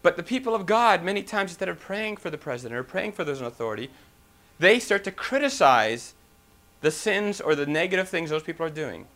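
A man's voice: high voice, sing-song, brisk, a bit bright. A man preaching a sermon, talking emphatically with rhetorical questions and a few restarts.

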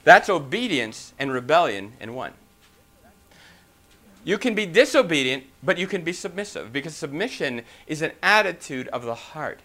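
A man's voice: a little high, big pitch swings, moderate pace, a bit bright. A man preaching a sermon, talking emphatically with rhetorical questions and a few restarts.

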